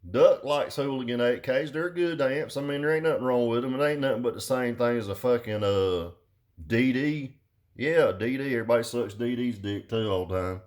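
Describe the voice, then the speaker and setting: A man's voice: mid-range voice, moderate pace, darkish tone. A middle-aged man, ranting casually and bluntly with crude slang. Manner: profane, blunt, drawling southern slang. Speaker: car audio vlogger. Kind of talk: casual rambling rant.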